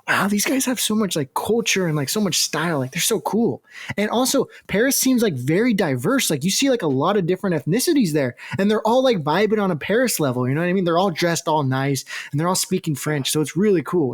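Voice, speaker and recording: Laid-back male podcast host, slightly high. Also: expressive, fast talker, hardly any pauses. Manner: laid-back, filler-heavy talk. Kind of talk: casual chat.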